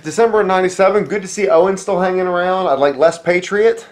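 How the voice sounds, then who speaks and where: A man's voice: sits high, fast, a little hiss or hum. A man co-hosting a casual chat, joking and rambling with frequent restarts. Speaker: podcast co-host.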